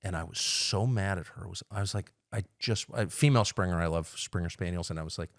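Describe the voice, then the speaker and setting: A middle-aged man talks bluntly as a podcast guest, his very low voice rough with gravel. He voices strong opinions and often restarts his sentences. The sound is close and dry, with no room echo. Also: fast talker. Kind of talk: casual chat.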